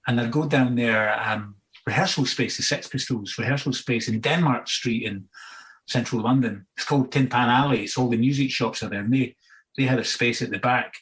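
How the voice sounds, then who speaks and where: A man's voice: mid-range voice, normal speed, a bit bright, rough recording. A Scottish man in his sixties, a musician guest in a casual interview, telling rambling anecdotes full of fillers and asides.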